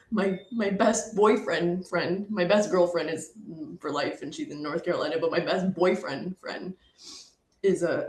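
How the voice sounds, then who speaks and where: Emotional woman telling a personal story. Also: medium pitch. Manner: emotional, apologetic, fighting tears. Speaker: speaker sharing a personal story. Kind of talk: personal testimony talk. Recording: echoey room.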